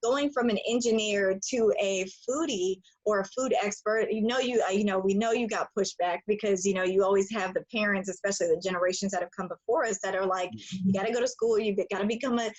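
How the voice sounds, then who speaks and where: Host, woman, 30s; mid-pitched, upbeat and chatty, loose conversational delivery. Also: a little fast, few pauses, highs cut off. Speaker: show host. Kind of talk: casual interview hosting.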